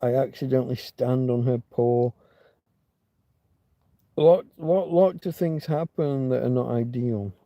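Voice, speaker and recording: A man hosting a casual late-night livestream from his bed, rambling and chatty, talking to his dog in a soft doting voice between asides to his viewers. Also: mid-range voice, a little slow, long pauses, dry recording. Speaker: livestream host. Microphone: phone camera held close.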